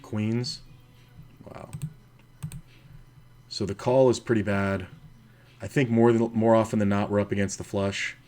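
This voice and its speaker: Low-voiced man thinking aloud, casually profane. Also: flat delivery, a little slow, long pauses, darkish tone, soft background music. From United States. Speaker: poker streamer. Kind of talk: casual commentary while playing online poker.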